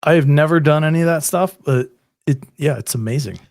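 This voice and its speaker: A man's voice: fairly high pitch, a little fast, a little mellow, no echo, studio quality. A man who is a podcast guest, chatting casually with short, amused, agreeing replies. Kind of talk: casual chat.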